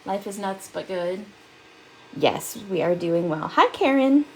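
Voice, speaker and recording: A chatty, upbeat woman demonstrates a craft project live. She reads out viewer messages as she works and laughs easily. Her voice sits at a middle pitch. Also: big pitch swings, a little slow, darkish tone, slight background noise, poor audio. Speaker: crafting livestream host. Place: seated at a home craft desk.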